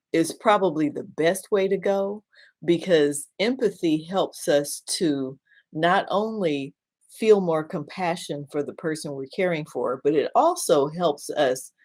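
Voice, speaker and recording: Woman minister giving a caregiving talk, kinda low voice, earnest, keeps repeating words and restarting, slows down on the big points. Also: darkish tone. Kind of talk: teaching talk with storytelling.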